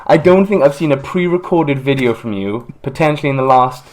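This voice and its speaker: A man's voice: mid-range voice, lively intonation. A man from Britain co-hosting a podcast, chatting casually in a rambling way. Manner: chatty, rambling, quick asides. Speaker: podcast co-host. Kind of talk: casual chat.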